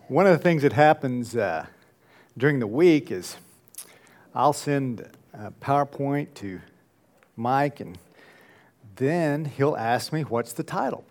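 A man preaching a sermon who chuckles often and acts out little bits of dialogue as he goes. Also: mid-range voice. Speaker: pastor.

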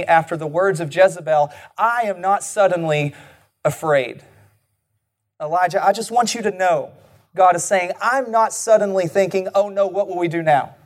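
Earnest preacher, higher-pitched man. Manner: earnest, slows down to drop his voice low and soft on key lines. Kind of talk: sermon.

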